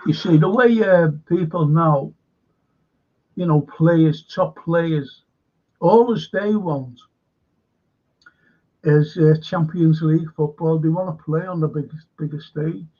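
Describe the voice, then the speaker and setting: A man hosting a live stream, reading out viewer comments in a rambling, slow way with asides. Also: a little high, muffled recording. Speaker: host.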